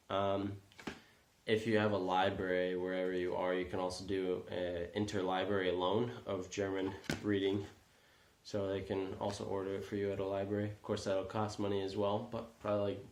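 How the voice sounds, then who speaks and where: Young guy vlogging, kinda low voice, rambles a lot, echoey room. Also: completely flat delivery, normal speed, darkish tone, a little hiss or hum. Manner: rambling, self-deprecating, many fillers. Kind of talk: casual vlog talk.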